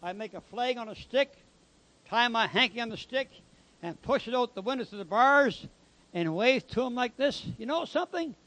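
A man's voice: very high-pitched, animated, moderate pace, bright, forceful tone. A man giving a preaching testimony as a former convict, telling his story in an emphatic, dramatic way.

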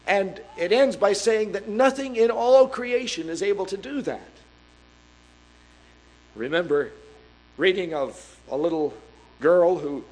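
A man preaching a sermon in an earnest, emphatic way, reading scripture aloud and slowing down to stress key words. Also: high-pitched, poor audio.

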